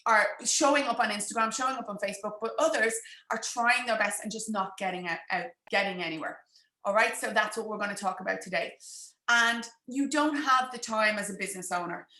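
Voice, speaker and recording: A woman business coach talking quickly and chattily on a livestream, speaking straight to her viewers. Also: on the high side, bright, forceful tone, reverberant. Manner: fast-talking, chatty, addresses viewers directly. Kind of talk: live-streamed social media coaching talk.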